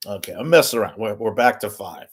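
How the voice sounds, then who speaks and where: A man's voice: on the low side, animated, fast talker, breathy edge. A man hosting a casual, ad-libbed livestream, rambling and jokey with lots of fillers. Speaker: host.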